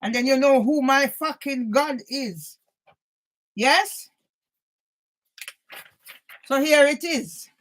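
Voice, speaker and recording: Speaking slowly with frequent pauses, a vlogger with a high, slightly bright voice unloads an angry personal monologue to camera. She is upset and agitated, swears nonstop, keeps challenging with "yeah?", and sounds on the verge of tears, all captured in poor audio.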